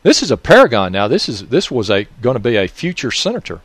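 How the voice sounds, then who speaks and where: A heated Southern man from Mississippi speaks in an ordinary mid-range voice, berating his audience with one pointed question after another. He shouts often and does not watch his language. The sound is close and dry, with no room around it. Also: mid-range voice, big pitch swings, fast, breathy edge, no room sound. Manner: raises his voice, scolds listeners with repeated questions; uses profanity. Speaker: political commentator. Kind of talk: angry political monologue.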